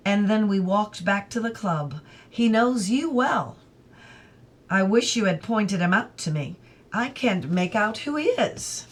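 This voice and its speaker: A woman reading aloud as a gentle, forgetful old Englishwoman telling a story mildly. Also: mid-range voice. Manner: mild, wandering, forgetful.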